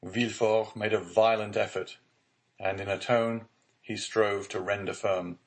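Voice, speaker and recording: A man narrating a classic novel as an audiobook reader, in measured, even storytelling. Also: fairly low pitch, rough recording. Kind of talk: scripted narration.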